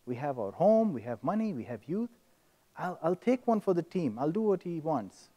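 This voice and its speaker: A man voicing a subdued middle-aged husband in a joke, who speaks quietly. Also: on the high side, very animated, moderate pace. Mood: resigned.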